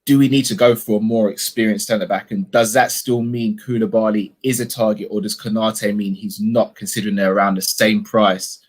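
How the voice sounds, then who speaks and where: A man's voice: fairly low pitch, fairly even intonation, moderate pace, few pauses, husky. A man hosting a casual live-stream chat, reading out viewer comments and steering the talk with pointed questions. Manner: leads discussion with probing questions.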